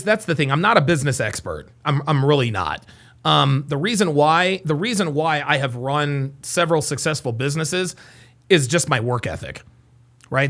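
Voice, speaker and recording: A man hosting a live reaction stream, reading viewer super chats and reacting with excitable, incredulous commentary. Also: a little high. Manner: animated, voice rising often, excitable.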